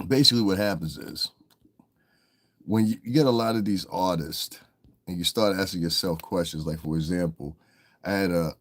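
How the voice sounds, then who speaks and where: Deep-voiced man chatting on a livestream. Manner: laid-back, chuckles often, talks to chat. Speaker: livestream host. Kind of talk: casual livestream commentary.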